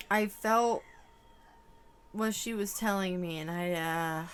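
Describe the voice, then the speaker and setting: A woman's voice: medium pitch, slow pace, pauses often, a little hiss or hum. A woman giving a casual channeled tarot reading to camera, emotional and exclaiming, swearing casually. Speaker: tarot reader.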